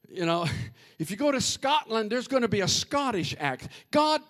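Animated high-voiced preacher. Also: male voice, normal speed. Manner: animated, humorous, addresses congregation directly. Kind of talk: sermon.

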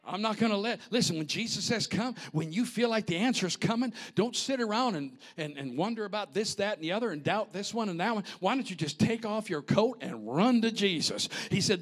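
Man pastor with a high voice, preaching with passion, hushed one moment and shouting the next. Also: expressive, brisk, few pauses. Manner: impassioned, swinging from hushed storytelling to shouting. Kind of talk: sermon.

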